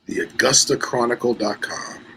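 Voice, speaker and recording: A man's voice: mid-range voice, fairly even intonation, moderate pace, sharp tone, breathy edge, poor audio. A man co-hosting a casual podcast chat, a little congested and nasal, rambling through stories and reading an article aloud. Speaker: podcast co-host.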